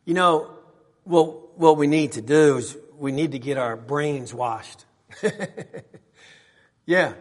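A middle-aged man preaching a sermon in a church, repeating his phrases and swinging from soft asides to shouts. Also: a little high, slow, long pauses. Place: church sanctuary. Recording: long hall reverb.

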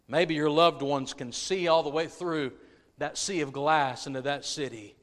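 Impassioned preacher in a church hall. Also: male voice, fairly high pitch, measured pace. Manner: swings from hushed to loud, pleading preaching. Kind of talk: sermon. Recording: long reverb in a large room.

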